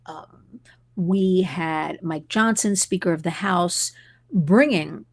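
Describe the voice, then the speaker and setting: A middle-aged woman hosts a live talk for her followers, her voice sitting a little low. She speaks with passion and often drifts into side stories. The sound is dry, with no room echo. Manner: passionate, digressive storytelling. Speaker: host and advocate. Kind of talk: live-stream talk to viewers.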